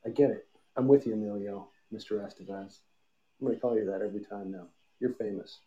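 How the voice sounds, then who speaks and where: A man's voice: fairly low pitch, fast talker, warm tone, highs cut off. A man co-hosting a casual podcast chat, loose and rambling, swearing and joking, with the hiccups. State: has the hiccups. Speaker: podcast co-host.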